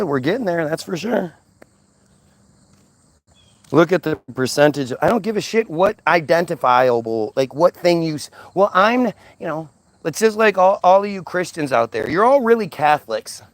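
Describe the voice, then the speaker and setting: Male commentator, agitated unscripted rant, raised pitch, stumbling repeats. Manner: ranting, agitated; repeats and restarts words. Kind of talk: unscripted monologue.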